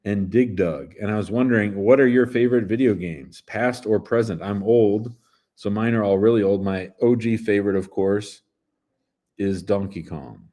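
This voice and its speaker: A man's voice: lowish voice, a little mellow. A man in his fifties, an immigration lawyer hosting a casual livestream show, talking in a playful, chatty way that jumps between topics.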